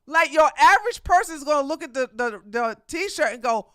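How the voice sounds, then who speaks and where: A woman's voice: high-pitched, moderate pace, few pauses, fairly bright tone, no room sound, studio quality. A streamer, likely a woman, giving rambling, mocking reaction commentary.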